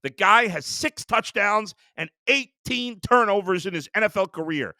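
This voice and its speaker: Heated high-voiced sports rant host. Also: male voice, lively intonation, moderate pace, bright, forceful tone, no echo, clean studio sound. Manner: heated, exasperated ranting.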